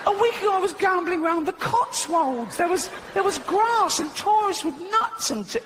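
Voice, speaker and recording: A man voicing an outraged male goat that swears and shouts in bewilderment during a stand-up bit. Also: very high-pitched, expressive, moderate pace, pitched above the performer's own voice. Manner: shouting, indignant. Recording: live hall reverb, faint audience.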